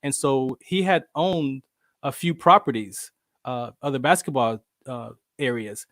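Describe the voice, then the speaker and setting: A man telling stories in a casual interview, lively and acting out the voices of the people he quotes. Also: medium pitch, measured pace, dry recording, studio quality. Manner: animated, acts out quoted voices. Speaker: show host, veteran.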